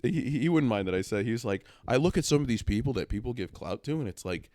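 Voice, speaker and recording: A man's voice: mid-range voice, fast talker, dry recording. A man co-hosting a comedy podcast, chatting casually, joking and laughing often. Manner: animated, laughs often, jokey asides. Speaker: podcast co-host.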